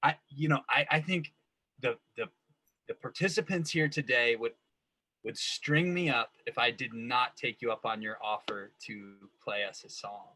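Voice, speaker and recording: A man hosting a video call, gushing and excitable, stumbling over his words. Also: medium pitch, normal speed, dry recording, rough recording. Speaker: host.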